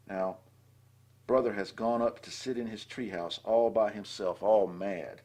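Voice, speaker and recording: Husky older man reading a children's book. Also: fairly low pitch, steady tone, unhurried, darkish tone. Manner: adds asides and chatty commentary between lines. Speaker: storybook reader.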